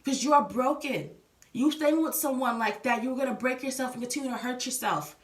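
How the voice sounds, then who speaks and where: A woman's voice: high voice, fairly quick, distant mic. Earnest young woman, echoey room. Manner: earnest, repetitive, talks straight to the viewer as "baby". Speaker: vlogger giving relationship advice. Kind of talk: casual heartfelt advice talk.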